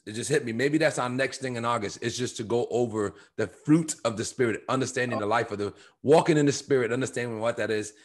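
A man co-hosting a church podcast, talking through Bible verses in an emphatic, animated preaching manner. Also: mid-range voice. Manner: emphatic, animated, quotes scripture with rising fervor. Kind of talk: preaching conversational Bible talk.

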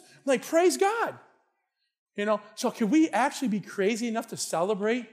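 High-voiced, fired-up man preaching. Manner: excitable, shouting at times, repeats words. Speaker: pastor. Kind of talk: sermon. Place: church sanctuary.

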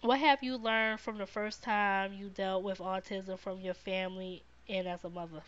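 A woman's voice: mid-range voice, fairly even intonation, normal speed, lo-fi sound. A woman podcast host, talking casually to her live viewers, repeating words of encouragement and answering their comments. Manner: warm, repetitive encouragement, reads viewer comments.

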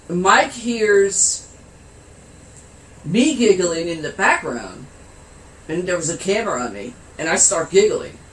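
This man's voice is high and fairly bright as he laughs and giggles his way through a humorous tale, cursing casually throughout. There's a roomy quality to the audio and a faint hum of background noise.

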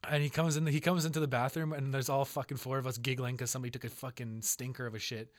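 A young man co-hosting a casual chat podcast, joking quickly and swearing casually. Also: mid-range voice, little pitch movement, no echo, studio quality. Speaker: podcast co-host.

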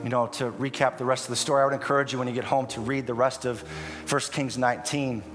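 A man preaching a sermon in a church, impassioned, swinging from hushed tones to loud emphasis. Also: mid-range voice, level tone, fast talker. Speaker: pastor. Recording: reverberant hall with soft music.

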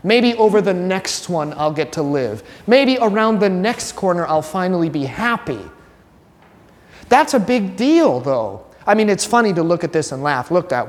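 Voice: medium pitch, big pitch swings, normal speed. Classroom teacher, joking and chatty, quizzes students, long room reverb. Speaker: religion teacher. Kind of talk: classroom lesson with student questions.

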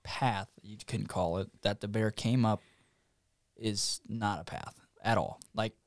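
A man's voice: on the low side, measured pace, gravelly, dry recording, clean studio sound. A man, a podcast guest, telling a hunting story in a loose, rambling way with fillers. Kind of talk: casual storytelling.

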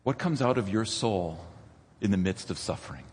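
A man preaching a sermon as pastor, dramatic and rising toward near-shouts when he retells scenes. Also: lowish voice, expressive, moderate pace, husky. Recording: long reverb of a church hall.

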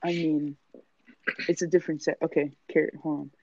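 A man's voice: on the high side, level tone, fairly quick, noisy background. A young man telling stories in a casual, profane, joking chat. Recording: dull lo-fi sound.

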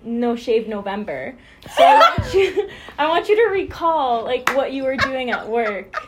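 A woman's voice: high voice, big pitch swings, heavy background noise. A young woman co-hosting a podcast, giggly and teasing in casual chat. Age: young adult. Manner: giggly, teasing, quick to laugh. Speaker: podcast co-host.

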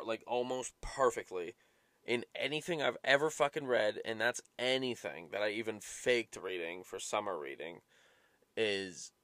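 A man hosts a solo podcast in a fairly low, fairly bright voice, rambling, swearing and drifting from one topic to the next as he gets easily sidetracked. The recording is dry.

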